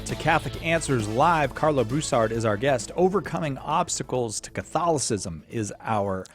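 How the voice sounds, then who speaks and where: A man's voice: medium pitch, lively intonation, moderate pace, faint music behind. A man hosting a live call-in radio show, talking casually, stumbling over his words and laughing at himself.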